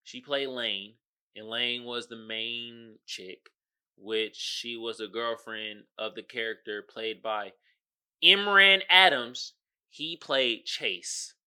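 Podcast host, man, African American Vernacular English, sharp bright voice, profane, goes from muttering to shouting. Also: medium pitch, slow pace, clean tone. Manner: animated, swings between muttering asides and loud outbursts; slangy and profane, keeps asking "you feel me?". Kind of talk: casual solo podcast rant.

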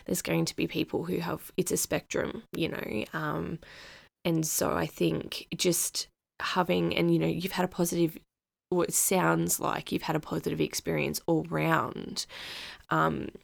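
Low woman host with lots of vocal fry, reassuring and chatty. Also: flat delivery, measured pace, no echo. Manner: thoughtful, reassuring, many fillers. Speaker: podcast host. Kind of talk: casual interview chat.

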